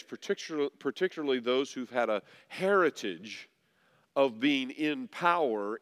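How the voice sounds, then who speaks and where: A pastor preaching a sermon, dropping low and soft at times, then rising loud to press a point. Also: male voice, clear, resonant tone. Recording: long reverb of a large hall.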